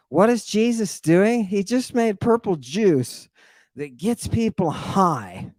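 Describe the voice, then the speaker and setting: A man delivering a livestream lecture in a fairly high voice, dragging out his words at an unhurried, deliberate pace. He talks in a theatrical, slangy way, repeating lines for emphasis. The sound is dry and close, with no room echo. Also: darkish tone. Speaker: host lecturing on ancient texts.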